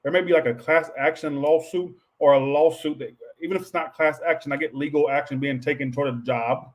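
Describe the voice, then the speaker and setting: A man's voice: on the high side, steady tone, fairly quick. Rambling, profane man doing a tarot reading. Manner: rambling, offhand and profane, talking to viewers and chat. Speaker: tarot reader. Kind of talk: casual tarot reading to viewers.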